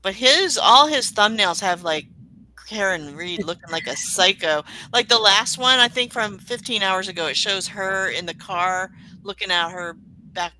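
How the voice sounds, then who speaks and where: Chatty woman co-host, very bright sharp voice, faint background hiss. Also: medium pitch, measured pace, rough recording. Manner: chatty, laughs often. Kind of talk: casual chat.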